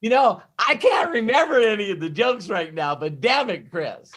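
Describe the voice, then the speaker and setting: Lively, swearing man rambling on. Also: high voice, moderate pace. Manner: rambling and animated, swears freely; frequent restarts and self-interruptions. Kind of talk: off-the-cuff motivational talk.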